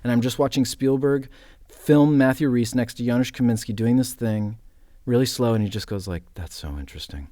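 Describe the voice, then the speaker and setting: A man who is an actor, guest on a studio podcast, telling casual stories in an animated, self-mocking way with the odd swear word. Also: medium pitch, moderate pace, no room sound. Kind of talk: casual storytelling chat.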